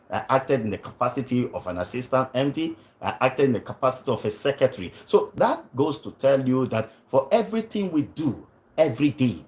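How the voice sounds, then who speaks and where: A man coaching acting on a livestream, stressing his points, repeating lines and often asking "you understand?". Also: medium pitch. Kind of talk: livestream teaching talk.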